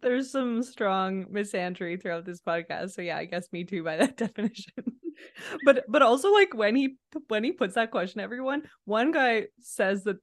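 A woman's voice: mid-range voice, animated, moderate pace, no room sound, studio quality. A woman co-hosting a podcast, chatting casually and laughing often as she acts out quotes. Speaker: podcast co-host. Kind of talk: casual recap chat.

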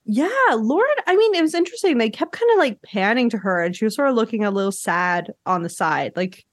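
A woman hosting a podcast, chatting casually about a reality show, animated and often laughing. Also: a little fast, dry recording, studio quality. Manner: animated, laughs often, acts out quotes in high voices. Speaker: podcast host.

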